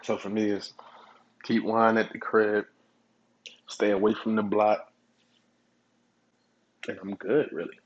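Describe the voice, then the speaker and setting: A man hosting his own podcast, telling stories in a relaxed, profane way and chuckling often. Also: on the low side, slow pace, pauses often, muffled recording, slight background noise. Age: adult. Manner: laid-back, profane storytelling with chuckles. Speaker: podcast host. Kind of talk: casual solo podcast monologue.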